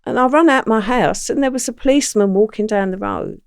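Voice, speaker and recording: A woman's voice: a little high, a little fast, vocal fry, clear, resonant tone, dry recording, studio quality. A woman as an interview guest, giving a plain, matter-of-fact first-person account with quoted dialogue.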